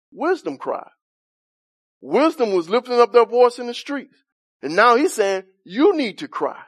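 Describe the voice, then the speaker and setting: A man with a notably high voice leads a Bible study in a relaxed, colloquial preaching style. He builds his points by repeating phrases and drifting into personal stories. The sound is close and dry. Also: no room sound. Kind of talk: conversational sermon.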